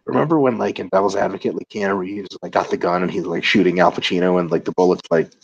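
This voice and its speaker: A man with a low, husky voice co-hosting a casual conversation. He rambles through anecdotes in a laid-back way. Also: steady tone, fast talker, highs cut off. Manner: laid-back, rambling storyteller, slips into impressions. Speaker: co-host. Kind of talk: casual chat.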